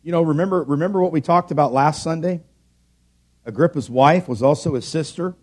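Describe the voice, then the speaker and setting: A middle-aged man preaching a sermon in a church, earnest, rising to loud emphatic peaks and then dropping low. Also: fairly quick. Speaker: pastor.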